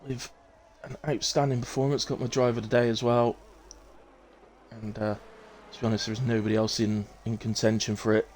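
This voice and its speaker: A man's voice: mid-range voice, a little fast, slight background noise. Chatty West Country man commentating a race. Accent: West Country English. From England. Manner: chatty, relaxed, with frequent fillers and self-corrections. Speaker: sim racing commentator and streamer. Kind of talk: live stream race commentary with chat reading.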